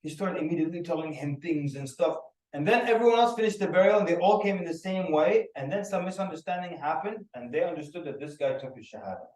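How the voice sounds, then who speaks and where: A man's voice: a little high, quick pace, hardly any pauses. A man giving a workshop talk, telling anecdotes and acting out the people in them. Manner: animated storyteller who acts out the people in his stories. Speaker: workshop speaker. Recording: roomy echo, mic at a distance.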